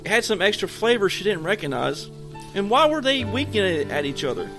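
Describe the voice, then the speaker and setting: Podcast co-host, male, casual story reader, clear music bed underneath. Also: high voice, sing-song, a little fast. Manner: casual, breaks off to joke. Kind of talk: reading a story aloud to friends.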